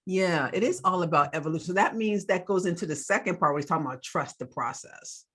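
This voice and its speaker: A woman's voice: fairly low pitch, quick pace, fairly bright tone, slightly rough. A woman co-hosting a faith podcast, chatting casually as she recaps a church celebration and a sermon, with fillers and asides. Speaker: podcast co-host.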